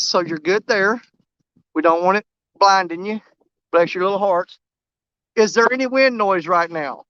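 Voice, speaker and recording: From a muddy river bank, a fishing vlogger with a high voice and a drawl talks casually to his viewers, excitable and quick to get emotional. His camera mic is covered and muffled against the wind, so the outdoor audio sounds dull and dry. The tone is still clean, with no room sound.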